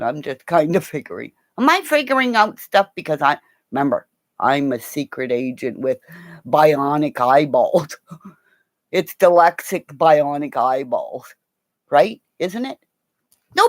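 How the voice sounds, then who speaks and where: Uma mulher com sotaque canadense numa transmissão ao vivo, falando deitada num celular, rindo e xingando, pulando de assunto em assunto. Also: female voice, fairly low pitch, no echo. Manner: giggly, swearing, jumps between topics and laughs often. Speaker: livestream host. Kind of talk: rambling livestream chat. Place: home, lying down. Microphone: phone held while lying down.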